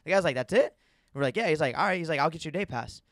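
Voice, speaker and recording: Brief: young male podcast host, rapid rambling profane storyteller, slightly high, dry close sound. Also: animated, a bit bright, no echo. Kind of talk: casual storytelling chat.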